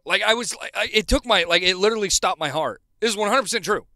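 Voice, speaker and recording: A man with a high, bright voice tells a casual anecdote on a podcast, rambling and restarting his sentences. The sound is dry and close. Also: fast talker, no room sound. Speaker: podcast co-host.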